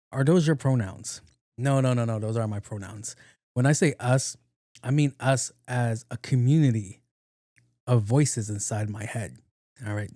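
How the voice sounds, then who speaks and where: A man's voice: medium pitch, warm tone, dry recording, clean studio sound. A man hosting a solo podcast, telling stories casually in slangy talk full of swearing and acted-out quotes. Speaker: podcast host.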